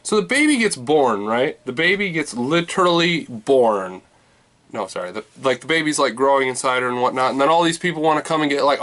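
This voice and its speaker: A man's voice: on the high side, a bit bright. Exasperated swearing young-sounding man. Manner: exasperated, swearing, lots of fillers. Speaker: movie reviewer. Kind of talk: casual vlog rant.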